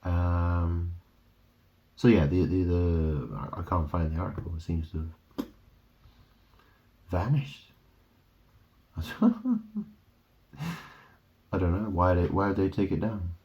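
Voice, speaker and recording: A man's voice: sits low, fairly even intonation, measured pace, long pauses. A man in a rambling monologue, drifting through wordplay and trailing off. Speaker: vlogger. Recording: dull lo-fi recording.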